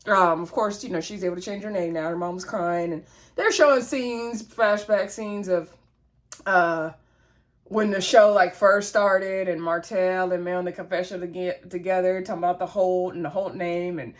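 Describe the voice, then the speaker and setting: A woman's voice: fairly low pitch, steady tone, moderate pace. A woman, casually recapping a reality show episode in a chatty, gossipy way. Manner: chatty, gossipy, acts out the cast's lines.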